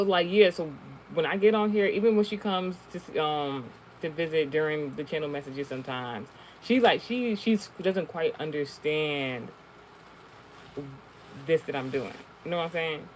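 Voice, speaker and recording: A woman telling a spiritual story to her stream in a casual monologue, animated and profane, with lots of fillers and laughs. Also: sits low, a little hiss or hum, rough recording. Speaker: spiritual reader.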